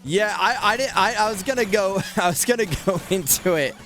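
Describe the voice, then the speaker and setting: A man's voice: high-pitched, fairly quick, bright, forceful tone, faint music behind. A man streaming a video game, chatting casually and animatedly, swearing freely and laughing often. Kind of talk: casual live-stream chat.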